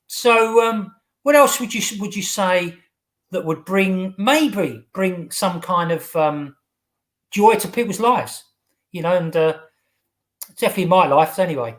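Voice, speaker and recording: An English man hosting a casual chat, telling stories in a halting, chatty way with many false starts. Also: sits high, animated. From England.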